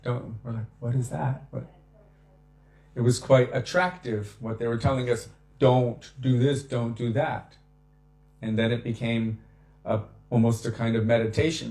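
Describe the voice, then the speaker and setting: A man giving a devotional talk on scripture, telling stories with lively acted-out quotes. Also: medium pitch, reverberant. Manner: animated storyteller who acts out quotes. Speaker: devotional speaker.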